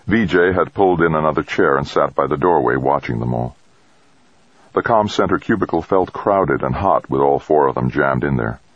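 Very deep husky male narrator. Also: no echo, dull audio. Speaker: audiobook narrator. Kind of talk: scripted narration.

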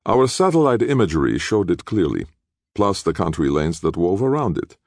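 A man voicing a cynical, scheming Italian villain, smooth and mocking in an audiobook. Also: deep voice, very animated, moderate pace, darkish tone, no echo, studio quality, voice pushed up, full character voice. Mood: sneering.

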